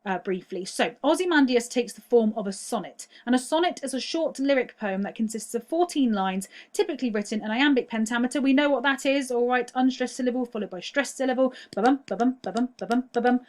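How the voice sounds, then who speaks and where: A woman's voice: on the high side, brisk, hardly any pauses. A young woman teaching a recorded online lesson, patient and explanatory, often checking "all right?" with many ums.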